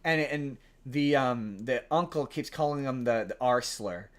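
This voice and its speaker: A man hosting a podcast, casually retelling a film plot in a rambling, animated way. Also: mid-range voice, a little slow. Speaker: podcast host. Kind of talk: casual chat.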